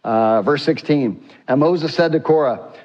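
A man's voice: fairly high pitch, a little slow, darkish tone, muffled recording. A man preaching a sermon, asking the congregation rhetorical questions and acting out scripture quotes with a rising voice. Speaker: pastor.

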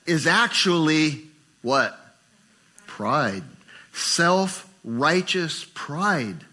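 Older male pastor, bright, slightly high voice, animated sermon delivery. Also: takes it slowly. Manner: animated, acts out inner voices with rising pitch.

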